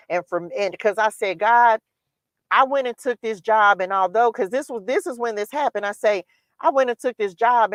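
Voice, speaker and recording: In a dry recording through her livestream microphone, a host with a mid-range voice speaks openly about her personal faith. It's a motivational, testifying talk that keeps circling back over the same points.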